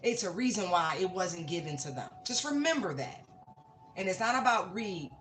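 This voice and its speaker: A woman's voice: on the low side, sing-song, normal speed, a bit bright, a little hiss or hum. A woman giving a casual tarot reading, talking bluntly and swearing freely. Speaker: tarot reader. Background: music.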